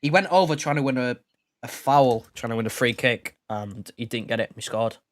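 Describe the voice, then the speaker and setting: A man co-hosting a football watch-along, giving calmer, analytical remarks on play. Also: mid-range voice, brisk. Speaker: co-host.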